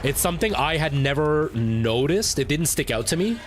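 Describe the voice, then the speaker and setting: A man's voice: a little high, expressive, moderate pace, faint music behind. A young man from El Salvador with a Canadian English accent, Spanish as his first language, chatting loosely on a stream and filling his talk with "like.". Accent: Canadian English with some American. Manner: rambling, lots of "like", mimics others' voices. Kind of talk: casual stream chat.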